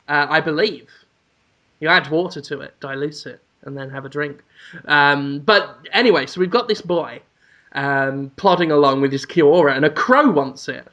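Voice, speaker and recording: A man's voice: a little high, bright, forceful tone, lo-fi sound. A man from the United Kingdom co-hosting a podcast, telling a rambling story in a wry, casual way. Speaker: podcast co-host. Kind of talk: casual chat.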